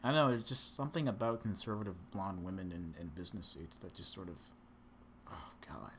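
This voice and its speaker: Against a noisy background, a young man talks fast in a low, expressive voice as he co-hosts a casual podcast. He reviews a movie by rambling sarcastically through its plot, using lots of fillers.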